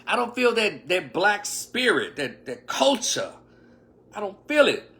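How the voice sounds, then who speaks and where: A man's voice: sits high, big pitch swings, a little slow, pushed and bright. A man in his fifties talking casually on a livestream, emphatic and preachy, with sarcastic remarks and muttered asides. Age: 50s. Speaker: online commentator. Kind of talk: casual livestream opinion talk.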